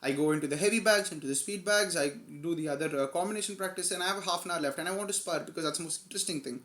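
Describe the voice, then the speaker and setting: A man vlogger telling a personal story in a casual, animated way, stressing key moments. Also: high-pitched, racing, roomy sound. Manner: animated, emphatic retelling with quoted dialogue.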